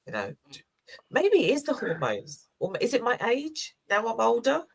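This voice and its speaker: Fairly high-pitched with huge pitch swings, her voice moves at a moderate pace and has vocal fry and a breathy edge. She's a sixty-something co-host on a community chat show, warmly and emotionally sharing personal stories with laughs in casual conversation.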